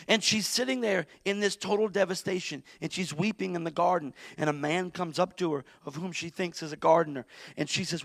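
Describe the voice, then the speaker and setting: A middle-aged male pastor preaching an impassioned sermon, swinging from shouts down to near-whispers. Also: sits high, fairly quick, vocal fry, few pauses, no echo.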